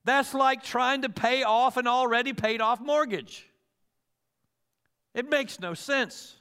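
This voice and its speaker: Preacher guy, high bright voice, asks the crowd loads of questions, acts out quotes. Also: a little slow, creaky, big-room sound. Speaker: pastor. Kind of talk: sermon.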